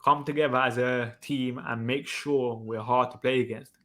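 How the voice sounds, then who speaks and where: Bright-voiced young man hosting a stream. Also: mid-range voice, fairly even intonation. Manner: brisk sign-off plugs. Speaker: host. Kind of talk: casual live-stream chat.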